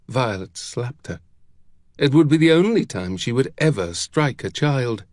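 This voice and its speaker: A male narrator reading a dramatic novel aloud with a very lively, rising and falling voice. His pitch sits at an ordinary male middle. The recording is dry and close, with no room sound. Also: a little slow, no echo. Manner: expressive, dramatic storytelling. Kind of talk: audiobook narration.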